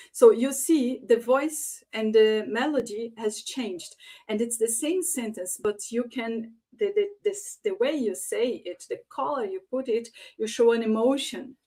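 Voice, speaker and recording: A woman's voice: a little high, unhurried, dark tone. A woman giving an online conference presentation on voice and leadership, talking with many fillers and acting out sample phrases in different tones. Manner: frequent fillers, demonstrates phrases in varied tones. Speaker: conference speaker.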